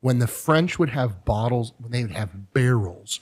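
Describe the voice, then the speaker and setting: A man hosting a casual podcast, telling stories in a rambling way and jumping into animated voices for the people he quotes. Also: mid-range voice, measured pace, slightly rough. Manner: drinks and chats over whiskey. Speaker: podcast host. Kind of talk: casual chat.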